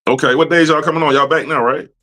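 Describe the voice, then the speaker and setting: Profane laid-back host. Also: male voice, on the high side, steady tone, fast talker, pushed and bright. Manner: loose, profane, streetwise banter. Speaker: podcast host. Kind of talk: casual podcast chat.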